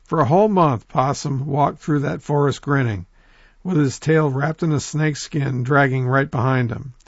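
A man telling a folk tale in a lively oral storytelling manner, talking straight to his listeners. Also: mid-range voice, normal speed, gravelly, no echo, muffled recording. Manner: lively, animated, addresses listeners directly.

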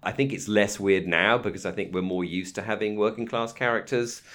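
An English man co-hosting a podcast in casual chat, lively and laughing, slipping into quick impressions. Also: on the low side. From England. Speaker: podcast co-host.

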